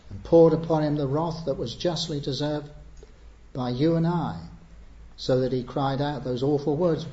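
A man's voice: fairly high pitch, a little mellow. A man preaching an evangelistic sermon, earnest and pleading, building to emphatic appeals. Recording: echoey muffled church recording.

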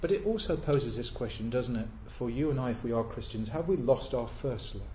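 A man's voice: medium pitch, expressive, a little fast, dark tone, a little hiss or hum. A man preaching a sermon earnestly, asking rhetorical questions and repeating key words for emphasis. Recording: echoey, dull lo-fi church recording.

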